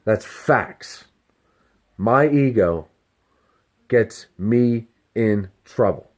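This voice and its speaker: A delivery driver talking casually to camera, candid and self-reflective, rambling and swearing freely. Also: male voice, fairly low pitch, lively intonation, extremely slow, long pauses. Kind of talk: casual self-help vlog monologue.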